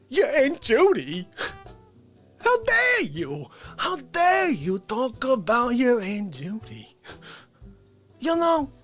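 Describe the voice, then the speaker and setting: A man hosting a comedy show while playing a brash, boastful male politician parody, veering between sudden shouts and hushed asides. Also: very high-pitched, full character voice. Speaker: show host. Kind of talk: unscripted comedy character monologue.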